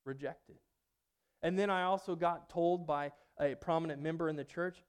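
A man preaching a personal testimony sermon, moving between hushed passages and loud outbursts. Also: high voice, animated, fairly quick. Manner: dynamic, swings from hushed to loud.

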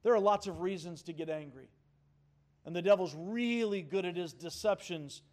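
A man's voice: high voice, normal speed, a little mellow. A man preaching a sermon in an earnest, emphatic way, calling on the congregation to answer back. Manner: earnest, emphatic, with audience call-and-response. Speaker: pastor.

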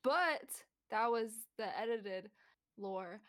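A woman's voice: a little high, animated, slow pace. Giggly swearing woman podcast co-host. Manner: giggly, swears freely, jokey asides. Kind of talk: casual chat.

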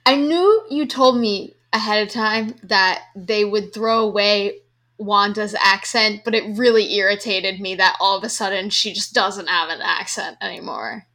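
A woman co-hosting a podcast in casual chat, reacting with quick, chatty asides. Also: medium pitch, pushed and bright. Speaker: podcast co-host.

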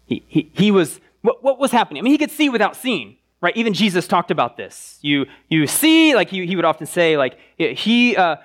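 A man's voice: high voice, brisk, hardly any pauses. A man preaching a sermon in a conversational way, often checking in with the crowd and restarting his phrases. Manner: animated, with frequent restarts. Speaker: pastor.

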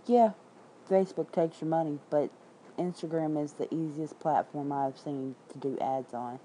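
A low, very dark and mellow-voiced woman from Memphis speaks with a Southern accent. She chats loosely and bluntly to her viewers, tossing in curses and quick asides between the headlines she reads out. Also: slight background noise, rough recording. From Memphis, Tennessee. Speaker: independent writer streaming to viewers. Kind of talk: casual livestream chat.

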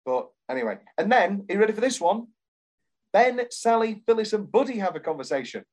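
Animated British man, passionate and sweary. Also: sits high, a little fast. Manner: passionate, swearing, reads script aloud with mock voices. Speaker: podcast co-host. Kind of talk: casual chat.

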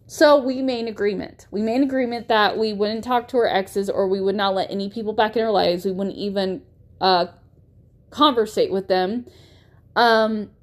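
A woman's voice: mid-range voice, darkish tone. A young woman hosting a podcast, telling a personal story in a candid, blunt way, swearing freely and restarting her sentences with lots of fillers. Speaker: podcast host.

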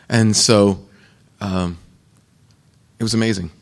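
A man in midlife from the United States tells his testimony at a retreat in a loose, candid, conversational way. His voice sits fairly low and carries a gravelly, fry-edged texture. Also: fairly even intonation, unhurried, pauses often. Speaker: retreat speaker. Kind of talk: personal testimony talk.

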